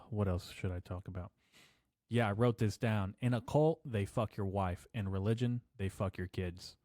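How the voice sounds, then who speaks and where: A man rambles through a solo podcast, swearing often and dropping deadpan jokes. His voice sits low, and the recording is dry and close. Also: normal speed, no room sound. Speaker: podcast host. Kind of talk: casual solo podcast rant.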